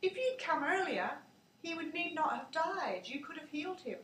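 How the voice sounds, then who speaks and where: A woman's voice: high-pitched, sing-song, moderate pace, fairly bright tone, slight background noise, voice pushed up. A woman voicing Martha, a worried grown woman, in a pleading storybook reading of her words. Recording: echoey room, mic far off.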